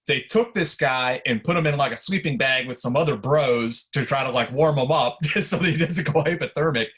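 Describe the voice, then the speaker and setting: A man's voice: medium pitch, moderate pace. A man appearing as a podcast guest, telling an anecdote in an easygoing, chatty way. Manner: relaxed anecdotal telling with fillers. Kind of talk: casual storytelling.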